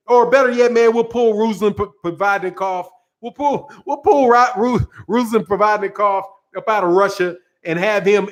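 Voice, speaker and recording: High-voiced man ranting about boxing. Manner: rambling, repeats words, laughs often; sarcastic, mocking. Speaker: boxing channel host. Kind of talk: casual boxing rant.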